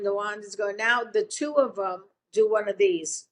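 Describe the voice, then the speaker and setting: A woman's voice: medium pitch, expressive, moderate pace, hardly any pauses. An older woman, a podcast guest telling a long story bluntly and with salty swearing. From Brooklyn, New York. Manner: brash, blunt, swears freely.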